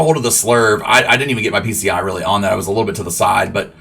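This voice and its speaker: A man's voice: on the low side, expressive, quick pace, vocal fry, a bit bright, slightly rough. A man casually narrating his own baseball video game match, rambling play-by-play full of fillers and asides to viewers. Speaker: gaming YouTuber. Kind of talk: gameplay commentary.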